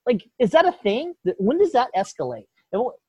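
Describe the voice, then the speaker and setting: A man's voice: very high-pitched, huge pitch swings, brisk, slightly rough, no echo. A man in casual political chat, ranting with lots of swearing and mock voices. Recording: dull lo-fi dry sound.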